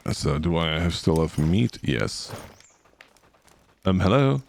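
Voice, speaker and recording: Deep gravelly guy streaming a game, slow, talks to the npcs, bit of hiss behind. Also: sing-song, darkish tone. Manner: chatty, talks to game characters, sings little sound effects. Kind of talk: casual gameplay commentary.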